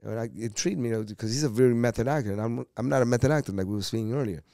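A man in his fifties from Puerto Rico, an actor telling profane, animated stories as an interview guest. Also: mid-range voice, very fast, gravelly, dry recording, clean studio sound. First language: Spanish. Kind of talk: casual storytelling interview.

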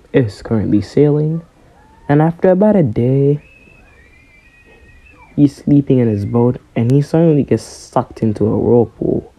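A man telling a fan-made story in a casual, hesitant way, filling gaps with ums and you-knows. His delivery is slow and drawn out, and his voice sounds very dark and mellow. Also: mid-range voice, dull audio. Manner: hesitant, full of fillers.

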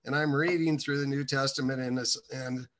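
Man, bright forceful tone, halting meandering testimony, casual storytelling. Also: medium pitch, fairly even intonation. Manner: halting, meandering delivery with many restarts. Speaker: guest telling his faith testimony.

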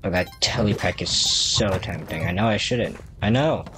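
Low male voice, gaming commentary, self-deprecating and chatty, music playing behind. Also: moderate pace, bright, forceful tone. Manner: self-deprecating, rambling, talks to the game. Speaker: gaming video creator. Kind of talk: casual gameplay commentary.

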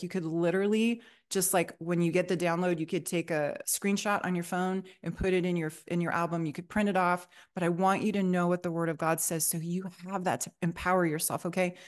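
Earnest woman with a lowish voice. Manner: earnest and encouraging, often checking in with "okay?". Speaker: podcast host. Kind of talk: faith-based podcast talk.

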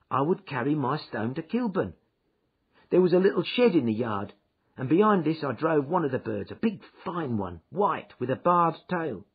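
A man's voice: medium pitch, husky. A man voicing a frightened young male thief who pleads and breaks into sobs. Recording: dull lo-fi recording.

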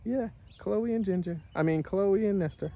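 A man's voice: sits high, normal speed, gravelly, warm tone, dull audio. A man chatting casually outdoors on his farm, easygoing and laughing often as he films on a phone. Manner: easygoing, laughs often, speaks animals' thoughts. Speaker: farm owner. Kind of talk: casual farm vlog chat.

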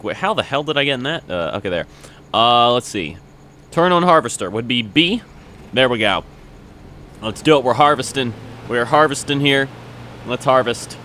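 A man's voice: fairly low pitch, sharp tone, a little hiss or hum. A man casually commenting on a farming game, rambling and correcting himself as he plays. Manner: rambling, self-correcting, chatty. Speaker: gameplay commentator.

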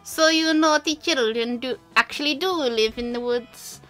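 A woman's voice: sits high, measured pace, fairly bright tone, soft background music. A woman voicing a terrifying, child-eating old witch in an exaggerated put-on Italian accent, sing-song and theatrical. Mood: teasing.

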